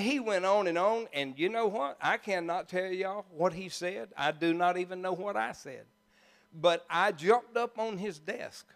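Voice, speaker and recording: A male pastor telling a story in a sermon, in a folksy, animated way with joking asides. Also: sits high.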